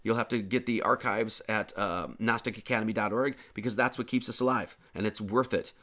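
A man's voice: on the low side, fairly even intonation, fairly quick, bright, forceful tone. Man giving rambling, joking sermon announcements. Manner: rambling and joking, many fillers and restarts. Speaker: pastor and show host. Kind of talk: casual closing announcements of an online sermon.

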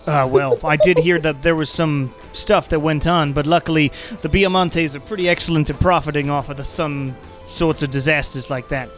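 Brief: confident welcoming clan daughter, voiced by a man, a bit high for a guy. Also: fairly even intonation, moderate pace, a bit bright, faint music behind, close to an everyday voice. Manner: boastful and welcoming. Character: proud confident woman, eldest daughter of a clan.

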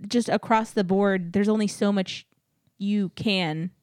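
A woman's voice: mid-range voice, fairly even intonation, measured pace, darkish tone, dry recording, clean studio sound. A woman co-hosting a casual chat, teasing and giggling, with many "um"s and "like"s. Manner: teasing, giggly, lots of fillers. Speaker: co-host.

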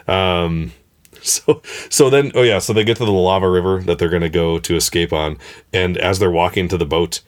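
A man's voice: low voice, moderate pace. A man in casual podcast chat, talking enthusiastically with lots of fillers and restarts. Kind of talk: casual chat recapping a TV episode.

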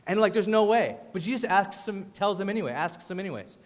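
A man preaches in a lively, conversational way, swinging from punchy storytelling to sudden quiet emphasis. His voice sits a little on the high side. The sound carries the long reverb of a big hall. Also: fast talker, hardly any pauses. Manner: animated, conversational storytelling with sudden hushed drops. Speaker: pastor. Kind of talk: sermon.

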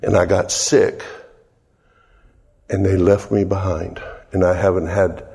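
A man's voice: low voice, little pitch movement, measured pace, gravelly, darkish tone, slightly rough, pitched below the performer's own voice, heavily acted. A man voicing a weak, starving young male slave in a plain, pleading tone, within a sermon. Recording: echoey hall.

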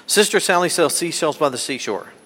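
Male pastor, children's sermon, teasing and questioning, slightly high voice, long church reverb. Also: expressive, fairly quick, fairly bright tone. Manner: playful, coaxing, full of questions to children. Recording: long echo of a large hall.

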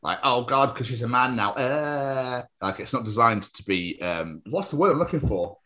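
A Scottish man co-hosts a podcast with an animated, swooping voice at an ordinary middle pitch. He jokes around and swears freely, rambling off on playful asides. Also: moderate pace. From Scotland. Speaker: podcast co-host. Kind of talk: casual chat.

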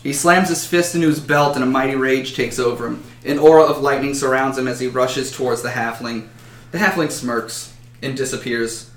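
A man's voice: medium pitch, steady tone, normal speed. A man narrating a fantasy battle story dramatically, with occasional slips. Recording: roomy echo.

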